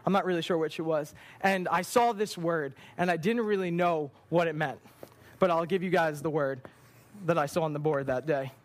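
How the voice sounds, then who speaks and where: A young man speaking as a youth pastor, preaching to a church group in a chatty storytelling way with animated quoted dialogue. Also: a little high, moderate pace. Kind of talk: youth sermon with a personal story. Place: church service.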